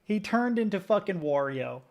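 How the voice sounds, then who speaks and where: A man's voice: sits high, sing-song, moderate pace. A man from Kentucky reacting casually to videos as a streamer, chatty, swearing freely and laughing often.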